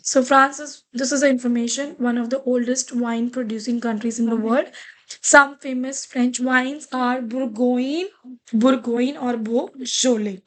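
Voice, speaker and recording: A woman with an Indian English accent, teaching a beginners' French lesson to children, repeating each word slowly and coaxing the class along. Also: on the high side, steady tone. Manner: slow, repeats words and coaxes students.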